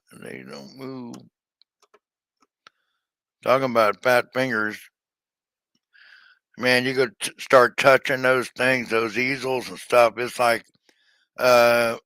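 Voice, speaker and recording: A man's voice: mid-range voice, creaky, pushed and bright, dry recording. A man chatting casually to his livestream audience, rambling with many fillers and restarts. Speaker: livestream seller.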